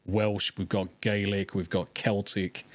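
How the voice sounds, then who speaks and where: A man's voice: fairly low pitch, little pitch movement, a little slow, dry recording. A man from England with a mixed English accent, a guest chatting casually on a podcast and telling stories animatedly.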